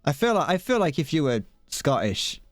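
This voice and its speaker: A young man with a British accent chatting casually on a live gaming stream, his pitch bouncing up and down as he rambles. He talks in a self-deprecating way, close to the mic, in a dry, dead room. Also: sing-song, moderate pace, no room sound, faint music behind. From Britain.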